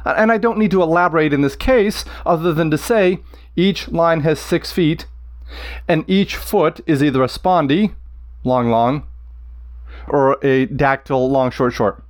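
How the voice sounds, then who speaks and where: A Latin teacher explains poetic meter to his listeners with enthusiasm, deliberately chanting the rhythms aloud. His voice sits on the high side.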